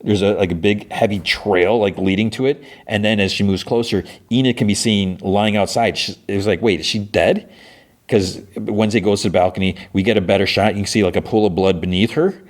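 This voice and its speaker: Low-voiced rambling podcast host. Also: male voice, fairly even intonation, a little fast, few pauses, a little mellow. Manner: rambling, many fillers and restarts. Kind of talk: casual episode recap.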